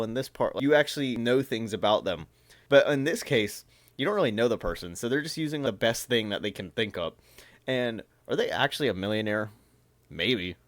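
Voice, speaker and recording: Man, low voice, dry close mic, casual reaction commentary, amused and chatty. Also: no echo. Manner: reads texts aloud and comments, chatty and amused. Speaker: reaction video host.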